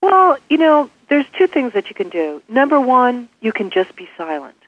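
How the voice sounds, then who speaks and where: A woman executive coach answering interview questions, animated and acting out example phrases. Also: a little high, moderate pace, dry recording. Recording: tinny phone line.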